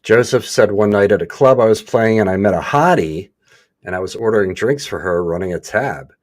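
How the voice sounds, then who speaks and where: A man co-hosting a podcast, reading listener stories aloud and reacting with laughs and quick comments. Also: fairly low pitch, expressive. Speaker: podcast co-host.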